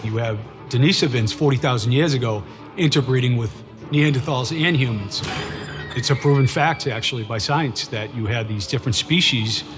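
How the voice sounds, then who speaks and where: A man speaking in a documentary interview, measured and thoughtful. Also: medium pitch. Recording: documentary clip played in hall, music.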